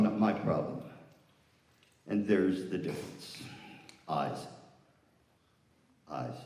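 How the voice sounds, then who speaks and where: A man presenting an energetic, interactive workshop, coaching an audience through a partner exercise. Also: mid-range voice. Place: large hall with an audience. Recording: far-off echoey hall with room noise.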